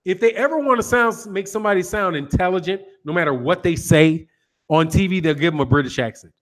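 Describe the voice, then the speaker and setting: An American man from the United States hosts a boxing channel, ranting casually, swearing heavily, teasing and laughing often. His voice is high-pitched and brisk.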